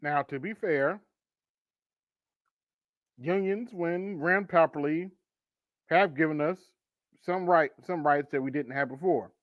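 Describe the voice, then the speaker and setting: A man's voice: fairly high pitch, slow pace, long pauses, no room sound. A male host offers laid-back commentary with sarcastic asides. His audio is dry and dull, with a lo-fi feel. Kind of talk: casual commentary.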